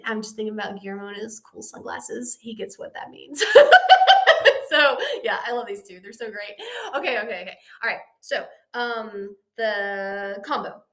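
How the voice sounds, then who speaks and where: A woman hosting a live stream, telling a story in a casual, animated, self-mocking way and acting out both sides of the conversation. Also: mid-range voice.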